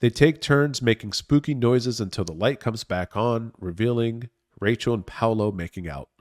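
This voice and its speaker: A man's voice: mid-range voice, moderate pace, a little mellow, no room sound, studio quality. A young man co-hosting a casual chat, laid-back and agreeable, who also reads short plot recaps. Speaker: podcast co-host.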